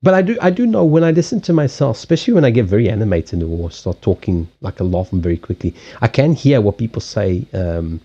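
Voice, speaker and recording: A man with a Southern African accent, a native Portuguese speaker, hosting a casual livestream chat, animated and freely swearing. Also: on the low side, quick pace, hardly any pauses, muffled recording. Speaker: card reader and livestream host. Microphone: USB headset mic.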